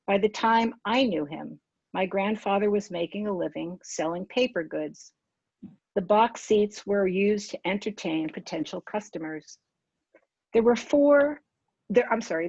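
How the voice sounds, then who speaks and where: A woman in her sixties, an author reading her own memoir aloud in a measured, unhurried way, now and then correcting a small slip. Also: mid-range voice, darkish tone, no echo, lo-fi sound.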